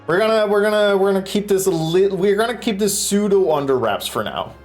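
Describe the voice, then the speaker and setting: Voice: mid-range voice, expressive, fairly quick, a little mellow, faint music behind. A streamer chatting on a live stream while building a stage, swearing freely and making goofy sound effects.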